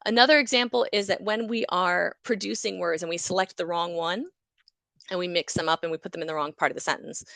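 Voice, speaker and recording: A native English-speaking woman teaches a university psychology class in a medium-pitched voice with a gravelly, creaky texture. Her explanations are lively, punctuated by small acted-out examples. The sound is dry and close, with no room around it.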